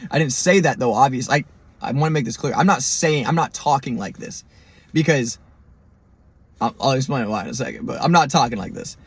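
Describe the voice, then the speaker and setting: A young man hosting a podcast, telling a story in an animated, profane way and mimicking the people in it. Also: a little high, normal speed, long pauses, breathy edge, no room sound. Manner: animated, profane, mimics others in quoted lines. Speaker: podcast host. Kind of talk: storytelling monologue.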